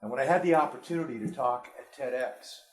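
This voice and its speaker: A fast-talking, medium-pitched man in his fifties with a New York accent is a school superintendent motivating students with personal stories. He is earnest and often restarts his sentences.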